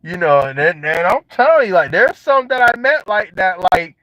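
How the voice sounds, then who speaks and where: A young man casually joking and riffing to his viewers in a vlog, slangy and animated. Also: high voice, moderate pace, no echo. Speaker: vlogger. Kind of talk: casual monologue to camera. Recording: dull lo-fi sound.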